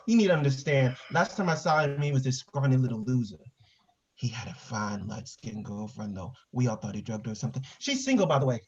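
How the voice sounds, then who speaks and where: A man's voice: mid-range voice, expressive, brisk, lightly acted. A man reading the part of a crude, teasing homeless older man in a play reading over a video call. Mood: mocking. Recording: dull lo-fi video call audio.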